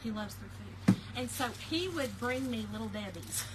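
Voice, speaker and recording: A woman's voice: fairly high pitch, expressive, moderate pace, noisy background. A middle-aged woman, chatting casually and laughing with live viewers while she crafts. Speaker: craft livestream host.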